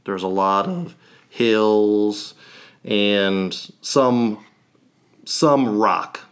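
A man's voice: lowish voice, expressive, extremely slow. A man from Indiana co-hosting, answering casually and thinking aloud.

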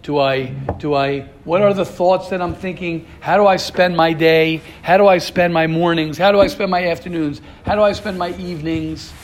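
Leading a casual Torah class, this man has a high, light voice and a relaxed, conversational style. He fires off rhetorical questions in a row and keeps restarting sentences, keeping a steady tone at a moderate pace with hardly any pauses.

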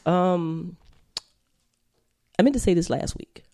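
Low, mellow-voiced chatty woman. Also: slow. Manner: chatty, loose and profane. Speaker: podcast co-host. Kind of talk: casual chat. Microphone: headphones on.

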